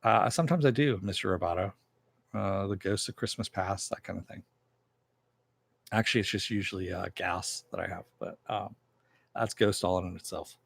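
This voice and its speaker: A man's voice: low-pitched, normal speed, vocal fry, fairly bright tone, breathy edge, no echo. A man hosting a casual TV episode recap and review, talking loosely with lots of fillers and jokey asides.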